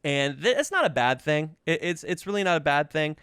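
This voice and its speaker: Sick with covid, this man in his thirties coughs while hosting a podcast of casual, profane, funny stories. His smooth voice is fairly high and a little fast, recorded in a clean studio with no room sound. He gets animated and mimics the voices of people he quotes.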